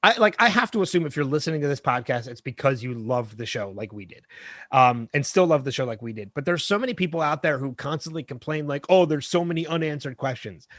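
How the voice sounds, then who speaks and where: A man's voice: medium pitch, fast talker, dry recording, studio quality. A man co-hosting a podcast in casual chat, rambling and correcting himself as he theorizes. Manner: animated, rambling, self-correcting. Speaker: podcast co-host.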